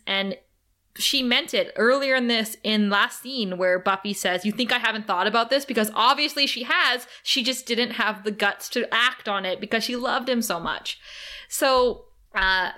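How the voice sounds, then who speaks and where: Bright-voiced woman podcast co-host. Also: fairly high pitch, moderate pace. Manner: animated, emotional, laughs often. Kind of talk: casual chat.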